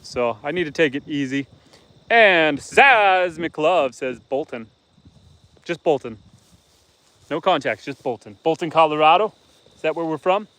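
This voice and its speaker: Middle-aged man from Canada, slightly high voice, relaxed chatty livestream host outdoors on a farm. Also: unhurried, long pauses, low-quality recording. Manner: easygoing, chatty, teasing viewers. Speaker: homestead livestreamer. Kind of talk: casual live-stream chat reading viewer comments.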